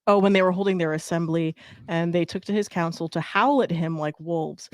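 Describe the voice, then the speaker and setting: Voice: medium pitch, fairly quick, dry recording. Casting: giggly co-host, dry close mic, reads text aloud between laughs. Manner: giggly, laughs often while talking. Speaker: podcast co-host. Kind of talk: casual chat and reading aloud.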